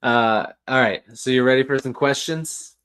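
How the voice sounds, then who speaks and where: Male show host, relaxed and easygoing, quick short reactions, heard over a video call. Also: medium pitch, clear, resonant tone. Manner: laid-back, quick short reactions and chuckles. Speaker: podcast host. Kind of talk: casual live interview.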